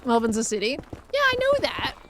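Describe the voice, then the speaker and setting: A woman's voice: on the high side, wildly swooping pitch, fairly quick, fairly bright tone, faint music behind. An Australian woman from Victoria chatting casually on a gaming live stream, laughing often and answering chat as she plays.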